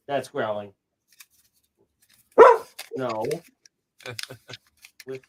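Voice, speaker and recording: A man's voice: mid-range voice, unhurried, pauses often, a little hiss or hum. A man hosting a casual livestream, chatting and joking while he barks short, firm commands at his dogs. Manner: chatty and joking, with the odd swear. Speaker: coin-hunting livestream host.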